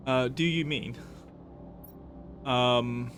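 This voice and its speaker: A man's voice: medium pitch, steady tone, drawn-out words, a bit bright, slight background noise. Rambling man streaming a game. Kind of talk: casual live-stream chat.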